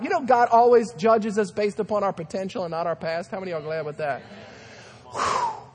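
A man in his thirties, preaching as a guest pastor in a large church sanctuary, tells stories dramatically and acts out the characters' voices. He speaks a little fast in a high voice whose pitch swoops wildly, and the recording has a long hall reverb.

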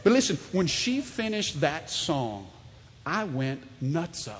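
A man in his thirties preaching a sermon, animated and storytelling, calling on the congregation to answer. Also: fairly high pitch, slow, a little hiss or hum. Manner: animated, storytelling, calls for audience response. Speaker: pastor. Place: church sanctuary. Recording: long hall reverb.

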